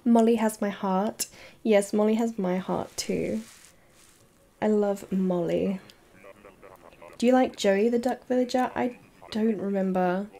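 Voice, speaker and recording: A woman streaming a game live, chatting casually and giggling, with bursts of excited squeals. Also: medium pitch, measured pace, pauses often. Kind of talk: casual live-stream chat while playing.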